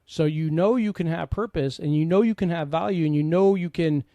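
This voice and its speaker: A man's voice: a little high, a little fast, mellow, no echo, muffled recording. A middle-aged man, a podcast host and coach, telling his personal story in an earnest, conversational way with frequent asides.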